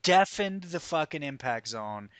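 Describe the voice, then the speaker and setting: Male podcast host, higher-pitched, dry close sound; brash, profane, opinionated, argues hard in loose chat. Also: a little slow, dry recording. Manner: animated, often mimics people mid-story.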